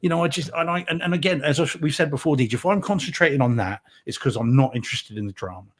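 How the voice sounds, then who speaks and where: A man's voice: on the high side, fast. A man co-hosting a podcast, chatting casually about films in a rambling, emphatic way that keeps restarting. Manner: rambling, self-correcting, emphatic. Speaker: podcast co-host. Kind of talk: casual film review chat.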